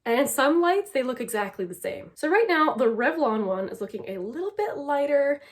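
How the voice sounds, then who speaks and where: A woman beauty vlogger chatting casually to the camera, enthusiastic and quick to laugh as she talks through her products. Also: high-pitched, very animated. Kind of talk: casual makeup chat to camera.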